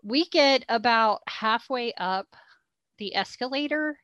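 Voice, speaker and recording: Lady in her 40s, high voice, dry close sound, animated storytelling, laughs a lot. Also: takes it slowly, no room sound, muffled recording. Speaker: podcast co-host. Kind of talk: casual storytelling chat.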